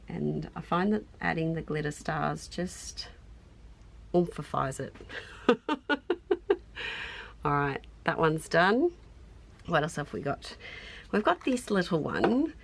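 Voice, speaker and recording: A woman's voice: low-pitched, gravelly, slight background noise. A middle-aged Australian woman chatting casually to viewers, thinking aloud and amusing herself as she decorates a scrapbook tag at home. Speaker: craft YouTuber. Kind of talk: casual crafting narration.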